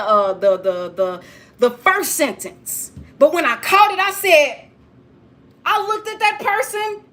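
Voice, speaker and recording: A woman's voice: high-pitched, pushed and bright. A woman giving a preachy straight-talk monologue, lecturing listeners with emphatic repetition.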